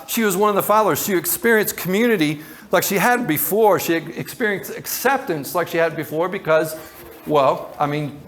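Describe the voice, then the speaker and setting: A man's voice: a little high, a bit bright. A man who is a pastor, preaching a sermon in a loose, conversational way with tangents and repeated words.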